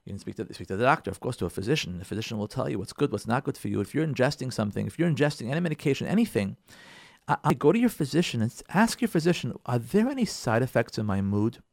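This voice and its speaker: A man teaching a marriage advice class as a rabbi, pleading with his listeners, repeating his points and swinging between loud bursts and quiet asides. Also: medium pitch, animated, rapid-fire, vocal fry, no room sound, clean studio sound. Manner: emphatic and repetitive, pleading with listeners directly.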